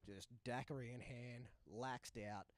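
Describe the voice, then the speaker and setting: A young man telling a tour story with swearing, acting out voices and shouting punchlines. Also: mid-range voice, fairly even intonation, a little slow, no echo. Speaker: touring musician guest. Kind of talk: animated storytelling. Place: live recording in a bar.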